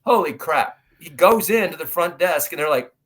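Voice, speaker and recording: A middle-aged man from the United States, an actor guest telling stories in an interview and acting out dialogue loudly. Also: fairly high pitch, moderate pace. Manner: animated storyteller, acts out dialogue loudly. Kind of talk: storytelling interview talk.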